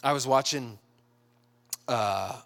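A man giving a sermon who talks casually and acts out quoted people with lively shifts in voice. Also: mid-range voice, takes it slowly, vocal fry. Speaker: pastor.

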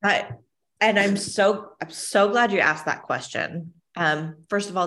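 A woman's voice: mid-range voice, unhurried, fairly bright tone. A woman leading a writing workshop, speaking in an encouraging, reassuring way over a video call. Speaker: workshop facilitator. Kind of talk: casual group coaching.

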